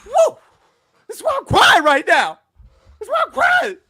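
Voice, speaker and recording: A man doing a comic impression of a male football player crying with joy, in a wailing, high-pitched voice. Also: huge pitch swings, measured pace, gravelly, sharp tone, exaggerated voice.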